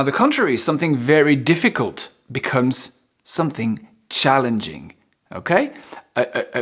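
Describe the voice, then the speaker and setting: A man teaching English vocabulary, repeating and stretching key words for emphasis in a playful, expressive way. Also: mid-range voice. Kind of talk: vocabulary lesson.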